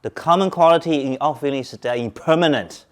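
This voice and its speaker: A man teaching Buddhism at a Zen centre, speaking calmly, repeating points and asking his listeners questions. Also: on the high side, brisk. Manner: calm, repetitive, asks listeners questions. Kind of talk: Dharma talk to a group.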